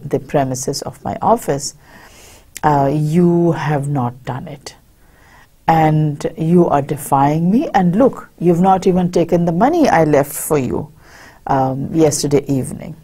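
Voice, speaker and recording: A woman lecturer talks through a story at an unhurried pace, reading lines aloud and then explaining them. Her voice is low and dark, with a gravelly, husky edge, and she pauses often with fillers and restarts. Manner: slow, hesitant, with many fillers and restarts. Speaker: literature lecturer.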